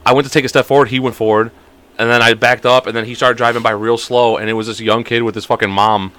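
A man's voice: mid-range voice, little pitch movement, quick pace, fairly bright tone. A young man hosting a podcast, telling stories in casual chat, swearing freely and laughing often. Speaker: podcast host.

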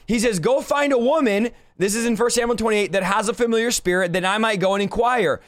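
Fervent high-voiced man preaching. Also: a little fast. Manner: fervent, exhorting the listener directly. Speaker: podcast host. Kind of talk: preaching Bible teaching.

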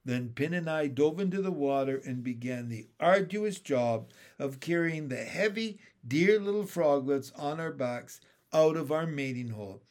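A man reading a children's storybook aloud in a lively, unhurried way. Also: fairly high pitch. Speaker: reader.

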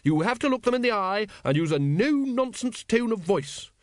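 A man's voice: high voice, big pitch swings, normal speed, dry recording, clean studio sound, pitched above the performer's own voice. A man voicing a hearty, bossy noblewoman. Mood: confident, hearty. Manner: hearty no-nonsense commanding tone. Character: brisk, bossy aristocratic woman, dragon breeder.

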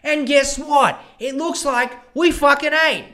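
A young man rants alone on his podcast, swearing freely and rambling through his points. His voice sits high for a man. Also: measured pace, pushed and bright. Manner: profane, ranting, rambling. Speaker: podcast host. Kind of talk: solo political rant podcast.

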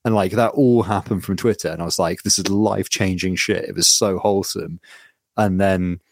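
Deep-voiced sweary podcast co-host, man. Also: normal speed, no echo. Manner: rambling, sweary, animated storytelling. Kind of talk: casual chat.

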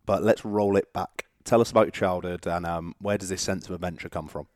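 A man's voice: sits low, fairly even intonation, a little fast, a little mellow, no room sound, clean studio sound. A man hosting a podcast interview, chatty and jokey with his guest. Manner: friendly, jokey banter. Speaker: podcast host. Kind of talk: casual interview chat.

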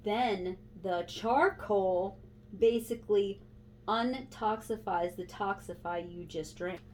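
A woman's voice: medium pitch, slow, slight background noise. A woman hosting a podcast in casual chat, telling a story with lots of laughter. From Montana. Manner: giggly, animated storyteller. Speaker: podcast host.

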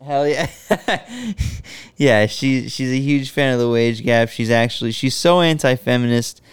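A man's voice: medium pitch, unhurried, clear, resonant tone, dry recording. A young man co-hosting a podcast in casual, crude, joking chat. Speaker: podcast co-host.

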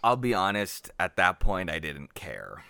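A man co-hosting a casual film podcast, excitable and jokey, with quick asides. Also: low voice, gravelly, dry recording, clean studio sound. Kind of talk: casual film-discussion chat.

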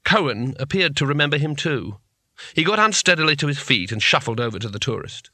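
Brief: male audiobook narrator, wry and measured, bright tone, dry booth sound. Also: fairly high pitch, very animated, no echo. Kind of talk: scripted narration.

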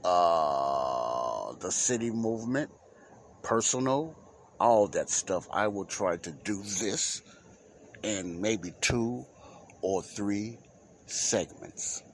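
A man's voice: deep voice, lively intonation, extremely slow, slight background noise. A man hosting his own Christian talk podcast, talking in a rambling, repetitive, informal preacherly way. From United States. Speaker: podcast host. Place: Chicago area.

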